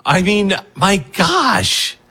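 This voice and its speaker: A man hosting a talk show, speaking casually and emotionally, often pausing and restarting his sentences. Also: high voice, sing-song, bright, forceful tone, husky, faint music behind.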